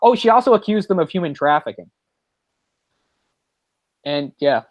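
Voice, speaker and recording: A man's voice: fairly high pitch, expressive, normal speed, dry recording, muffled recording. A man co-hosting a podcast, casually retelling a story with mocking impressions. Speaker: podcast co-host. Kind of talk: casual chat.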